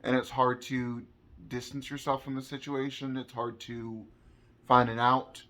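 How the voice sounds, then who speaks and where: A man talking earnestly from his own experience in a vlog, halting and repeating words as he searches for how to say things. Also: mid-range voice, little pitch movement, a bit bright. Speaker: vlogger. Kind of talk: personal explainer monologue.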